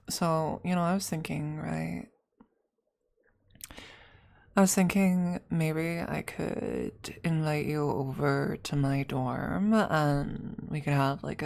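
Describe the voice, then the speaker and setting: A woman's voice: sits low, fairly even intonation, creaky, a little mellow, exaggerated voice. A woman playing a shy flirty classmate, whispered role-play. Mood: hesitant flirty. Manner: hesitant, full of likes and trailing pauses.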